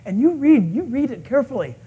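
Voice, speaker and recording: A male pastor preaching a sermon, telling stories with animated acted-out quotes and chuckles. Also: very high voice, quick pace, breathy edge.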